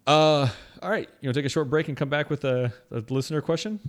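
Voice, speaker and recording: A young man co-hosting a casual podcast, talking in a rambling, animated way with lots of restarts and "right?" tags. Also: fairly high pitch, quick pace. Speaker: podcast co-host. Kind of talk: casual chat.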